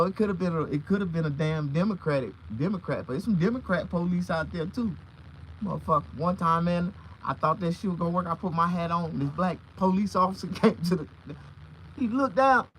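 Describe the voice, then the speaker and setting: A man, a comedian, telling profane comic stories in an animated, loud way from inside a vehicle. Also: high-pitched, a little fast, a little hiss or hum, poor audio. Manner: loud, animated, acts out voices.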